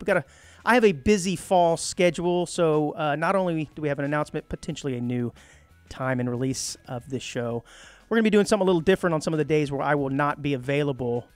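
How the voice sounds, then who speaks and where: A man co-hosting a podcast in casual chat, joking with quick asides. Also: on the high side, no room sound. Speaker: podcast co-host.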